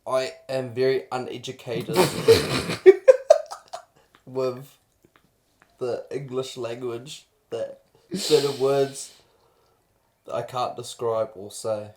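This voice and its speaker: A young man from New Zealand with a New Zealand accent, co-hosting a podcast with quick joking replies. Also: medium pitch, fairly even intonation, a little mellow. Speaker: podcast co-host. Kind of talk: crude comedic banter.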